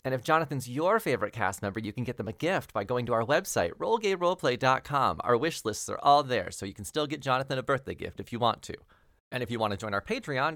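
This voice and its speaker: Lively podcast host reading announcements. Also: male voice, mid-range voice, creaky, no room sound, clean studio sound. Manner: lively, chatty, laughs at himself. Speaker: game master and podcast host. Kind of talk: podcast announcements and game narration.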